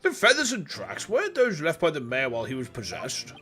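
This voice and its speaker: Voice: medium pitch, huge pitch swings, fairly quick, pushed and bright, faint music behind, pitched below the performer's own voice. A streamer reading an earnest young lawyer. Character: earnest young male defense attorney.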